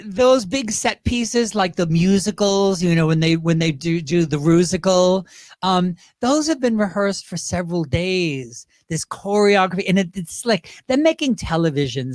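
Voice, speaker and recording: A man chatting as a guest on a talk show, animated and chatty, with lots of restarts and asides. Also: high voice, dry recording, studio quality. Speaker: guest, drag performer. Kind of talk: casual interview chat.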